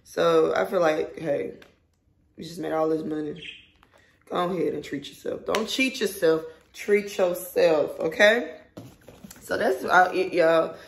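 Excited woman in an echoey room. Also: lowish voice, a little slow, vocal fry. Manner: chatty, excited, addresses viewers as y'all. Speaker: vlogger. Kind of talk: casual unboxing chat.

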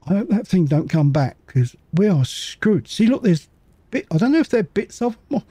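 A man casually commentating a game as he plays, muttering to himself and making quick jokes. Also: high voice, very animated, warm tone, slightly rough, no room sound. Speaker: gaming channel host. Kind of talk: casual let's-play commentary.

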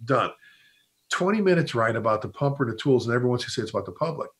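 Speaking in a mid-range voice, this middle-aged man who trains firefighters shares stories in relaxed conversation. He's fast and lively, frequently starts sentences over, and imitates former bosses.

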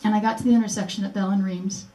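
A woman's voice: mid-range voice, steady tone, racing, dark tone. An older woman giving an earnest personal speech at a museum event, acting out remembered conversations as she tells her story. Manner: earnest, acts out remembered dialogue. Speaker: speaker at a memorial event. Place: museum presentation room. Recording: echoey room, mic at a distance.

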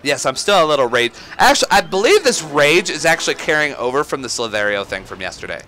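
A man giving let's play commentary on a shooter game, excitable, swearing and yelling at enemies. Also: fairly high pitch, fast, slight background noise. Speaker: gaming YouTuber.

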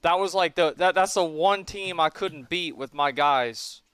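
A man competing on a livestream stammers through playful complaints. His voice is smooth and a little high. He sounds fretful and put-upon, in a joking way. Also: measured pace, a bit bright, no echo. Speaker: tournament player. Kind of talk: casual chat on a livestream.

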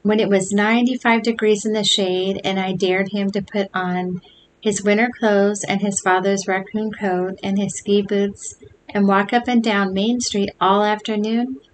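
A woman's voice: medium pitch, level tone, measured pace, slight background noise, lightly acted, rough recording. A woman voicing Alan, an anxious young boy, in a storybook read-aloud. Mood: worried.

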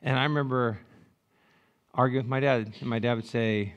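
Lively storytelling male pastor. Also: mid-range voice, moderate pace, highs cut off. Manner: animated, joking storytelling that swings from loud to hushed. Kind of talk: sermon.

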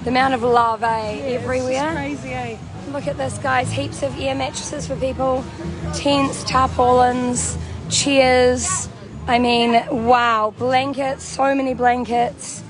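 A woman's voice: high voice, little pitch movement, unhurried. A young woman with a New Zealand accent chatting and laughing as she walks through an outdoor camp, filming on a handheld phone. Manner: bubbly, chatty, laughs often. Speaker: vlogger. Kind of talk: walking livestream vlog. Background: music playing nearby.

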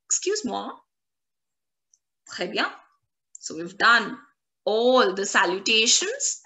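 A woman teaching a French lesson online, repeating each word slowly so learners can copy it. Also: fairly high pitch, bright, forceful tone. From India.

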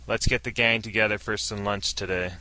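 A man's voice: lowish voice, fairly even intonation, a little fast, sharp tone, dry recording, low-quality recording. A male narrator voicing a level-headed small-town man who leads a meeting in a firm, reasoning way.

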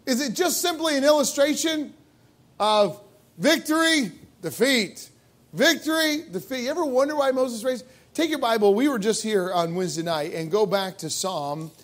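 Man, pastor, sermon, high voice, emphatic, rhetorical questions, church. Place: church sanctuary.

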